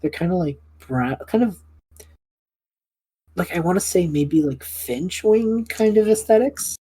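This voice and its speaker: Woman game master, husky low voice, lively rambling narration, slow pace. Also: poor audio. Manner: laughing often, rambling with many fillers.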